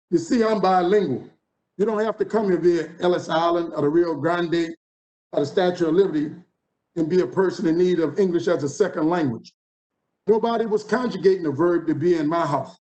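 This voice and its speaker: A motivational keynote comes from a conference speaker in his fifties who hails from New Orleans, USA, and speaks with a New Orleans accent and preacher-like rhythmic repetition. His voice is on the high side and a little mellow, and he talks briskly.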